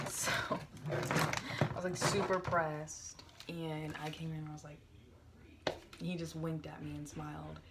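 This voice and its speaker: A woman's voice: low-pitched, level tone, unhurried, very noisy. A young woman telling a work story to her camera in a chatty, exasperated way, full of fillers. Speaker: vlogger. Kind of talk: casual storytime vlog.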